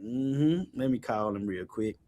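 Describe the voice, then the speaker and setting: A man teaching Bible study in an animated, colloquial way, speaking on a video call. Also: measured pace. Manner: lively, colloquial, jumps high in pitch for emphasis, laughs often.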